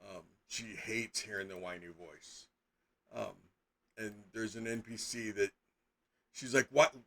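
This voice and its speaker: A man's voice: fairly low pitch, fairly even intonation, a little slow, creaky, bright, forceful tone. A middle-aged man chatting casually as a game master on a live stream, rambling with lots of fillers and sudden emphatic bursts.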